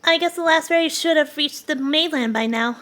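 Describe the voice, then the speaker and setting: A woman streamer reading game dialogue aloud in a plain, even manner. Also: high voice, fairly quick.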